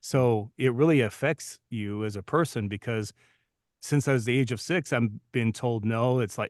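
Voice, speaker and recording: Brief: male, 50s, podcast co-host, mid pitch, reflective storyteller, dry close mic. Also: moderate pace, darkish tone, no echo. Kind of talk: casual podcast chat.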